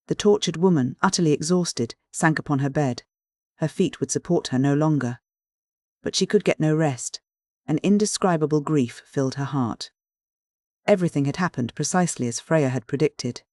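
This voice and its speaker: A man reading a classic novel as an audiobook, with measured, earnest narration. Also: on the high side, darkish tone, no echo, clean studio sound. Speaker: audiobook reader. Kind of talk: scripted narration.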